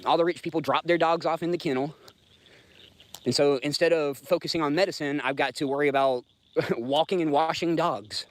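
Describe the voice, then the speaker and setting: A man's voice: on the high side, steady tone, fairly quick. A man in his thirties with a Southern US accent, hosting a livestream and ranting bluntly and profanely to his chat. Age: 30s. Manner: profane, blunt, rambling, talks straight to chat. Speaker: livestream host. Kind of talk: casual livestream rant.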